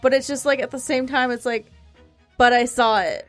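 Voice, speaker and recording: A woman's voice: high voice, steady tone, moderate pace, soft background music. A woman in casual podcast chat, talking in rambling, hesitant runs full of "like". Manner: rambling, lots of "like", unsure.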